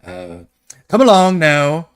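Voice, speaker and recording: A man voicing a fussy, overly polite male casino official who speaks softly and genteelly. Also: a little high, huge pitch swings, slow pace, smooth, no room sound, studio quality, voice pushed up, exaggerated voice. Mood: smooth.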